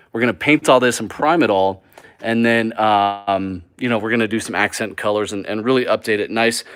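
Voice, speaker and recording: His voice is lowish and a bit bright as he live-streams a walk-through vlog inside the small mobile home he's flipping. He's upbeat and rambling, full of fillers and restarts.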